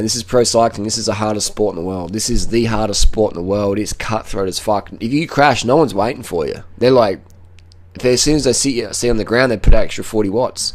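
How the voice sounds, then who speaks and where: Man, lowish voice, casual running commentary, blunt, profane, repetitive phrasing. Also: a little mellow. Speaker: cycling vlogger reacting to race footage.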